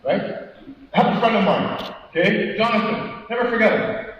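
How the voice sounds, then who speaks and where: A high-pitched man speaks as a motivational speaker at a conference. He questions the crowd, acts out little stories in quoted dialogue, and ends his points with "right?". The recording is dull and distant, with a heavy echo in a large hall and a faint hiss underneath. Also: moderate pace, fairly bright tone. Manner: engaging, keeps asking the audience questions and tagging "right?". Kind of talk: interactive conference keynote talk. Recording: echoey hall from far off, dull sound.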